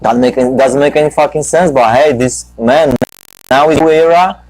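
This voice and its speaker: A man's voice: on the high side, normal speed, a little mellow, no room sound, low-quality recording. A man hosting a live talk show, telling a long rambling anecdote full of profanity and restarts. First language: Romanian. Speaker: talk show host and comedian.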